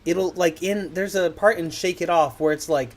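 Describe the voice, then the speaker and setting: A man's voice: sits high, moderate pace. A teenage boy co-hosting a music podcast, giving blunt opinions in casual chat full of fillers. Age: teens. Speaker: podcast co-host.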